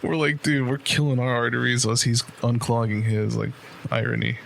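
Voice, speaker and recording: Gravelly and a bit bright, a mid-range male voice tells a long, casual story at a normal speed. He's a podcast co-host in his late twenties whose loose storytelling is full of profanity plus "like" and "right?". Slight background noise can be heard.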